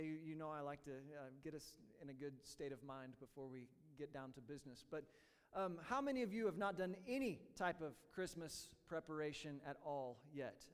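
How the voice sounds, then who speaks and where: Brief: man, high voice, pastor preaching to his church in a big reverberant room, light jokes giving way to earnest teaching, halting and repetitive. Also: smooth. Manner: joking, then earnest teaching; halting, repeats words. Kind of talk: sermon. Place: church sanctuary.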